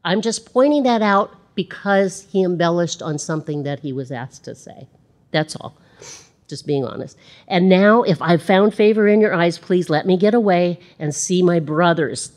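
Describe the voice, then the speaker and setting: Female Bible teacher with a lowish pitch. Conversational sermon, reads verses aloud and adds asides, rising for emphasis. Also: darkish tone.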